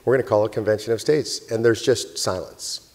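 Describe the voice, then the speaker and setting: A man and organization president telling an animated story in a speech to a live audience, laughing often as he goes. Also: lowish voice, a little fast. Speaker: convention speaker and organization president. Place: conference hall stage. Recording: long hall reverb with faint crowd.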